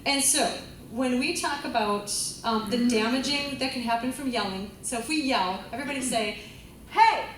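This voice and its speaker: A woman's voice: fairly high pitch, moderate pace, hardly any pauses, distant mic, background noise. Enthusiastic woman vocal coach, echoey room. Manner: enthusiastic, chatty, laughs often. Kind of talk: teaching a group voice class. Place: large room with a class.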